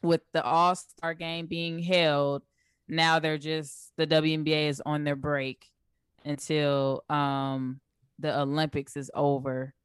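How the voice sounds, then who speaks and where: A young woman with a low, smooth voice co-hosts a casual sports talk show. She laughs often and runs through stats in easy, slangy talk. The sound is dry and close. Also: flat delivery, takes it slowly, no echo. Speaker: co-host.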